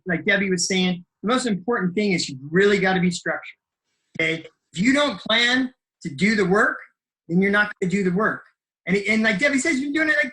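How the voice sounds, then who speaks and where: A man's voice: high-pitched, sharp tone, rough recording. A middle-aged man giving an enthusiastic motivational talk on a group call about his coaching business, rambling with fillers and restarts. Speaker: health coach sharing his story.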